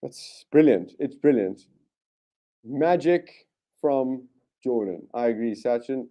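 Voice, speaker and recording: A man hosting a live rugby watchalong, giving excitable play-by-play commentary with sudden bursts of enthusiasm and frequent restarts. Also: medium pitch, slow. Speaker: watchalong host.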